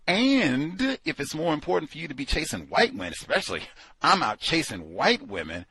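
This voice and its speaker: Lively husky-voiced man. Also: on the high side, normal speed, no room sound. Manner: animated, incredulous, sarcastic asides. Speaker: podcast host. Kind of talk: book club commentary.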